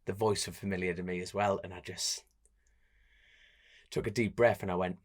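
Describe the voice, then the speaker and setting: A man with a Geordie accent, a road racer and podcast co-host, telling stories in casual chat and acting out the quotes. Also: normal speed. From North East England. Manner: animated, laughing, acts out quotes with big pitch jumps.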